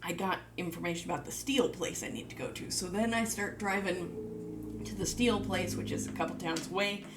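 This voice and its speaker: A woman rambling through a casual show-and-tell vlog, gushing in a high voice and dropping to whispers over cute little things. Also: moderate pace, heavy background noise. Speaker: vlogger.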